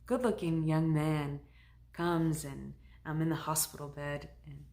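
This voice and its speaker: A woman who works as a shaman, recounting a personal story in a conversational, animated way. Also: low-pitched, measured pace.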